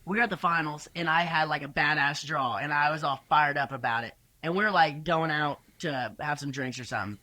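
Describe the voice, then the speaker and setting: Bright-voiced young man telling stories. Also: a little high, a little fast, hardly any pauses, no room sound. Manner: energetic, profane, stumbling restarts. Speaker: podcast guest, rodeo rider. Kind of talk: casual storytelling.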